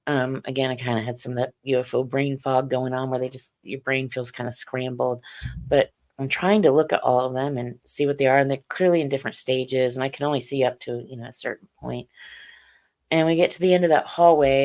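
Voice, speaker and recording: A middle-aged woman telling her personal story as an interview guest, halting and earnest, with many "you know"s. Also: extremely low pitch, steady tone, darkish tone. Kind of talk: personal account in a podcast interview.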